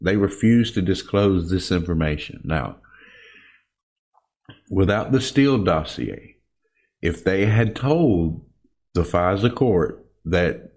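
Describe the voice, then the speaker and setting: A man with a low-pitched voice talks slowly through a solo political commentary. He is emphatic and indignant, restarts his sentences often, and speaks straight to his listeners. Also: expressive, a little mellow. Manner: frequent restarts and fillers. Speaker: podcast host.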